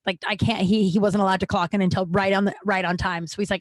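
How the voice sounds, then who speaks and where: A woman's voice: mid-range voice, quick pace, hardly any pauses, no room sound. Blunt, candid woman host telling a story. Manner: blunt and frank, swears freely, many restarts. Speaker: podcast host. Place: small room at home.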